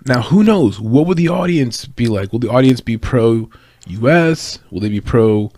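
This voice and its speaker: A man talks through a fight breakdown in an easy, conversational way, drifting into tangents and restarting phrases. His voice sits at an ordinary middle pitch. The sound is dry and close, with no room around it. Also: animated, normal speed, darkish tone, no echo. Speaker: fight analyst.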